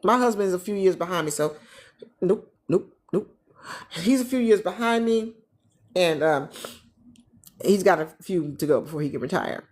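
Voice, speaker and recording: A retired woman hosting a casual livestream from her living room, chatting with viewers and reading their comments in a lively, animated way. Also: fairly low pitch, normal speed, pauses often. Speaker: travel agent business coach, livestream host.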